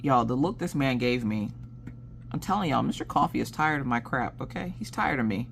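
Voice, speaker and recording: A woman chatting casually on her craft channel, telling animated stories and laughing as she goes. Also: brisk, gravelly, slight background noise. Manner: animated, acts out quoted dialogue with big pitch jumps. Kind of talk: casual chat storytelling.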